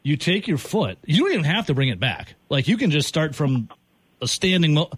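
Sports radio host, male, husky and high-pitched, animated exasperated rants. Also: a little fast, dry recording. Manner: exasperated ranting, voice jumping high when worked up. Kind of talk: sports talk radio banter.

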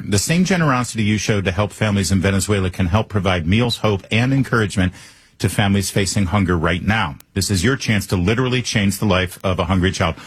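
A man's voice: lowish voice, slightly rough. A man hosting a political talk show, delivering a monologue with sarcastic asides.

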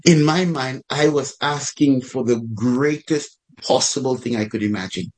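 A man's voice: mid-range voice, measured pace, rough recording. A man preaching a sermon in a fervent storytelling manner, repeating phrases for emphasis.

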